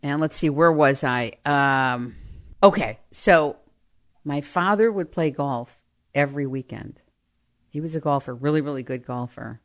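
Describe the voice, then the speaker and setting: A woman telling personal family stories in an animated way, often laughing. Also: sits low, a little slow. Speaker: storyteller. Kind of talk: personal storytelling monologue.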